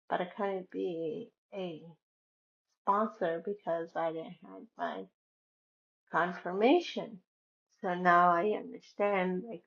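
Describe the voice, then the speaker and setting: A woman vlogging casually, talking slowly and quoting what everyone said along the way. Her voice has a gravelly, creaky edge, and the sound is dull and lo-fi. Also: medium pitch. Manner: chatty, retells conversations with many "I'm like" quotes. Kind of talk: casual personal storytelling.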